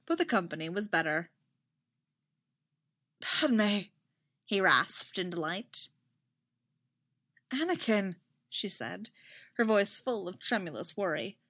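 A woman narrating a fan fiction story aloud with expressive delivery. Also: on the low side, normal speed, no echo, studio quality.

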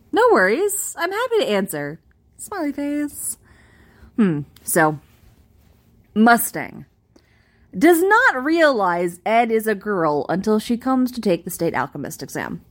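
Lively woman reading a fan post aloud. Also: mid-range voice. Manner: animated, amused, expressive. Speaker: reader.

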